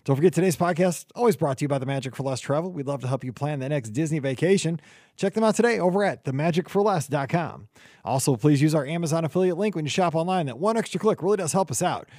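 Energetic man hosting a podcast. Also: fairly high pitch, quick pace, no room sound, clean studio sound. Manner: energetic, enthusiastic. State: voice slightly hoarse from cheering. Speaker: podcast host. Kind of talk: upbeat podcast chat.

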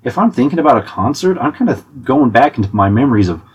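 A young man talking casually about concerts in an animated, chatty way, with frequent restarts and laughs. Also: mid-range voice, fast talker, slightly rough, dull audio. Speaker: podcast host giving concert tips. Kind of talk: casual monologue.

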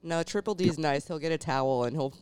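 A woman's voice: deep voice, brisk, noisy background. A woman co-hosting a podcast, talking frankly and laughing easily in casual chat. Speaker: podcast co-host.

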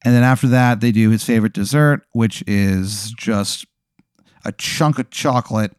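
A man's voice: lowish voice, normal speed, a little mellow, smooth, dry recording, clean studio sound. A man telling a rambling, swearing story in casual chat as a comedy podcast host.

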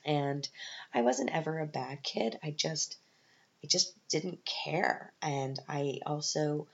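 A woman's voice: low voice, slow, gravelly, muffled recording. A middle-aged Canadian woman telling rambling, wry stories on her podcast, with lots of ums and self-deprecating asides. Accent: Canadian English. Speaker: podcast host. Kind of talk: casual storytelling monologue.

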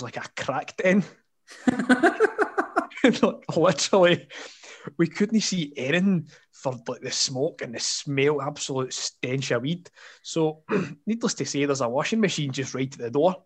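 A man with a Scottish accent telling a funny story in casual chat, animated and laughing often. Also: mid-range voice. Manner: animated, laughs often, lots of fillers and asides. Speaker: podcast guest storyteller.

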